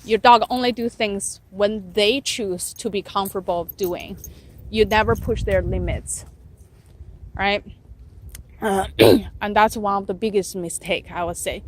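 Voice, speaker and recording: A woman's voice: mid-range voice, fairly even intonation, measured pace, a little hiss or hum. A woman dog trainer giving casual advice while walking dogs outdoors, often tagging her points with "right?" and stopping to praise the dogs. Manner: keeps adding "right?" tags, breaks off to praise dogs. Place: outdoors on a walk.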